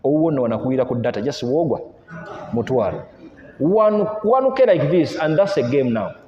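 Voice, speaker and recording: Male preacher, lively storyteller, warm tone, roomy reverberant hall. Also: medium pitch, brisk, dull audio. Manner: animated storytelling, mixing languages, rhetorical questions. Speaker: Islamic preacher. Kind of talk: sermon retelling stories. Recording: echoey hall with long reverb.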